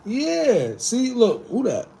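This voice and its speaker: A man hosting a casual livestream, reading viewer comments and talking in a loose, animated way. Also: very high-pitched, slow pace, creaky. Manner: laid-back, animated, swings between loud and muttered asides. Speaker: livestream host.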